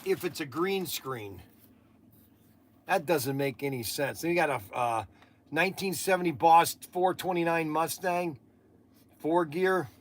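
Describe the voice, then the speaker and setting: A man with a voice a little higher than most men's hosts a casual livestream, rambling from one story to the next. He laughs at his own anecdotes, often trails off and restarts sentences, and speaks a little slowly with frequent pauses over slight background noise.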